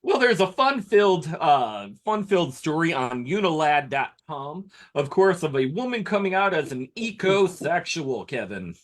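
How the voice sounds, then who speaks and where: A man's voice: fairly high pitch, big pitch swings, normal speed, hardly any pauses. A man co-hosting a comedy podcast, telling a story playfully with dramatic emphasis. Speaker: podcast co-host. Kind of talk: casual comedy podcast banter.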